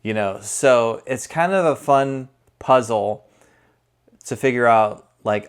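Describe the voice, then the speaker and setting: A man's voice: mid-range voice, slow pace, clean tone. A man giving a casual spoken movie review, conversational and rambling, often correcting himself as he goes. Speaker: film reviewer.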